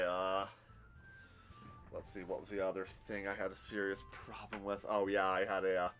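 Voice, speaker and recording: A man's voice: on the low side, a bit bright. A man in his thirties live-streaming a game, chatting candidly and rambling from one thing to the next. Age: 30s. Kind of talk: casual live-stream chat and game narration. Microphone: headphones with desk mic.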